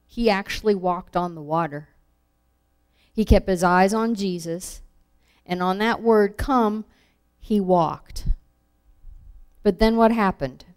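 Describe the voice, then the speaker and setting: A woman teaching a Bible lesson, reading verses aloud and acting out the quoted lines with animated emphasis. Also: mid-range voice, slow pace, pauses often, clean tone. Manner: animated, acts out scripture quotes.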